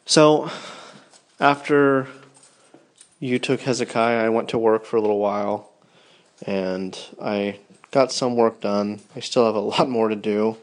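A man's voice: fairly low pitch, a little slow. A tired man in his thirties, rambling tenderly and yawning as he records a personal podcast for his wife. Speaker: podcast host.

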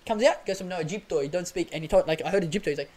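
A young Australian man telling a travel story in a casual podcast chat, animated and slangy, often breaking into laughter. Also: high voice, racing, low-quality recording. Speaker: podcast guest.

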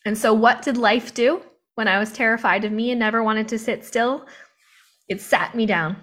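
A young woman with a slightly high voice gives a live motivational training over a video call. She talks with passion and intimacy and laughs easily between points. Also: moderate pace, a bit bright. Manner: impassioned, confiding, laughs often. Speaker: motivational coach. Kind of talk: live online training talk.

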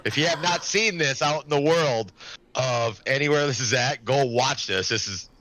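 Bright-toned man chiming in casually. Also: mid-range voice, normal speed. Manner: short interjections and quips. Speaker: podcast co-host. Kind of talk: casual chat.

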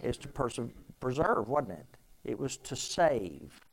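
A pastor preaching a sermon in a conversational way, with repeated phrases and strings of rhetorical questions. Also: male voice, medium pitch, sing-song, slow pace, vocal fry, poor audio.

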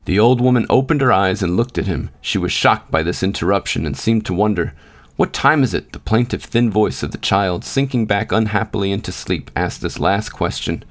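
Low-voiced man reading a story. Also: a little fast, few pauses. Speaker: podcast host and reader. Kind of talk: scripted narration.

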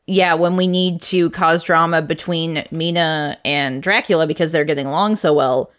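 A woman talks casually as a podcast co-host, her voice sitting on the low side. She chats loosely, laughs often and leans on lots of fillers. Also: steady tone, normal speed, a bit bright. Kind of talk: casual film discussion.

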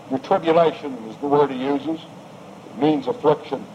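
A man's voice: on the high side, very animated, moderate pace, gravelly, warm tone. A man preaching a sermon with emphatic, rising and falling delivery and repeated phrases. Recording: dull lo-fi recording with faint noise.

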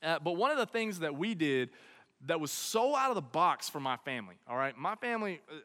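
A young man with a high, bright voice tells an animated comic story to an audience. He keeps pausing to check in with his listeners. His voice echoes through a large hall with a long reverb.

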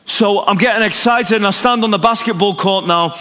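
Brief: male preacher, lively storyteller, slightly higher voice, long hall reverb. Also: a little fast. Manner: animated, story-driven, acts out dialogue. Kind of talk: evangelistic sermon with storytelling.

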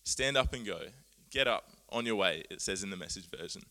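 Bright, clear-voiced male preacher. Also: deep voice, fairly quick. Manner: earnest, animated, laughs at himself. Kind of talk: sermon.

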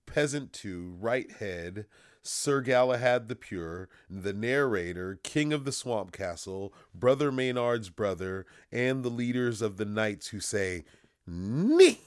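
A man co-hosting a casual film podcast, laughing often and jumping up into high quoted voices. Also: measured pace, clear, resonant tone, no echo, studio quality. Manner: laughs often, jumps up high when quoting. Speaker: podcast co-host.

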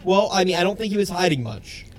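A man's voice: sits high, expressive, quick pace, a crowd in the background. A man with a slightly raised voice co-hosts a laid-back podcast. He riffs with dry humor and casual swearing, bantering with his partner. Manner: dry, joking, swears freely. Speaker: podcast co-host.

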